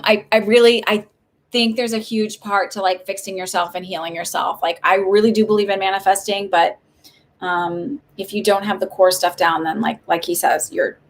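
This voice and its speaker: Chatty woman with a gravelly edge. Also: medium pitch, slight background noise. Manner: chatty, reassuring, full of "like" and "um". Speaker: psychic reader on a live stream. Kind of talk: casual live-stream reading.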